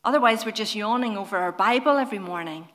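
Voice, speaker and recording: A woman delivering a sermon in a mid-range voice. She speaks earnestly and gently, pausing to put questions to the congregation. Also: mid-range voice. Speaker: preacher.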